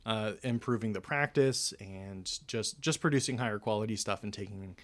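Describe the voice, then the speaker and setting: A man's voice: fairly low pitch, normal speed, a bit bright. Young guy rambling on his podcast, laughs at himself a lot, pretty casual. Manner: rambling, self-deprecating, laughs often. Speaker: podcast host. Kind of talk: casual chat.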